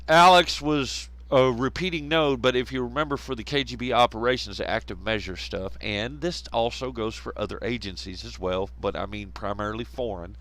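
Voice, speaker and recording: A man's voice: fairly low pitch, fairly bright tone. A man hosting a casual live stream, rambling, laughing often and bantering with viewers in chat.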